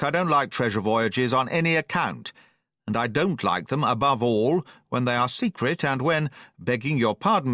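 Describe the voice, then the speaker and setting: A man's voice: mid-range voice, a bit bright, no room sound, clean studio sound, close to an everyday voice. A man reading the lines of a blunt, stern, distrustful sea captain who speaks plainly and in clipped phrases, in an audiobook.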